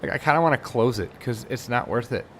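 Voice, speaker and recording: A man's voice: medium pitch, lively intonation, quick pace, a bit bright, a little hiss or hum. A man giving rambling, casual commentary while playing a game, and he gets exasperated when things go wrong. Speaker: let's play host.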